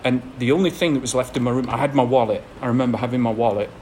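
Speaking rapid-fire in a slightly mellow, medium-pitched voice with fairly even intonation, a man with an English accent gives an audience a candid account of his recovery. He's self-deprecating and blunt, laughing occasionally, and there's slight background noise.

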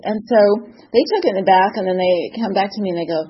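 A woman's voice: mid-range voice, steady tone, brisk, lo-fi sound, slight background noise. A woman in her fifties telling a personal story with lots of laughter, acting out the voices in her quotes. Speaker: speaker sharing a recovery story.

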